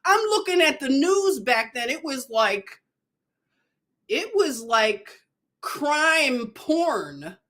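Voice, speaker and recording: Chatty Philly woman, slow and digressive. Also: high voice, big pitch swings, fairly bright tone. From Northeast Philadelphia. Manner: chatty, digressive, loses her thread. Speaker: nurse livestreamer. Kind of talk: casual livestream storytelling.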